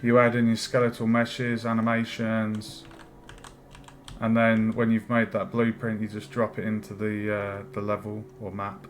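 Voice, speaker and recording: A man streaming his game development work, thinking aloud with many pauses and fillers, and chatting with viewers. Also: lowish voice, monotone, a little hiss or hum. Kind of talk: casual live-stream commentary while working. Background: faint music and keyboard typing.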